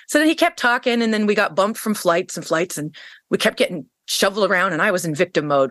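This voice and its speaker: A woman guest on an interview podcast, telling a personal story in a casual, animated way, jumping into a higher pitch when she quotes people. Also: brisk, dry recording, studio quality. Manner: frequent fillers and restarts.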